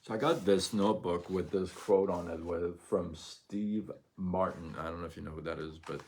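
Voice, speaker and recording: A man's voice: sits low, fairly even intonation, normal speed, a little mellow, slight background noise. A middle-aged man hosting his own livestream, talking candidly and rambling to viewers with frequent restarts and chuckles. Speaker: live-stream host. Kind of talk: casual livestream talk to viewers.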